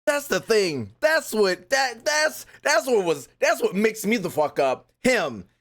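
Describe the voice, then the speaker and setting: A man reacting to a game trailer in loose, rambling commentary, swearing freely and getting worked up. His voice sits fairly high and jumps around a lot in pitch. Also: takes it slowly. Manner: profane, excitable, rambling.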